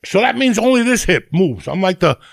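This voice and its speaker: A man's voice: sits high, big pitch swings, a little fast, creaky, dry recording, clean studio sound. A middle-aged man, hosting a podcast and telling a profane, rambling comedic rant. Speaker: podcast host.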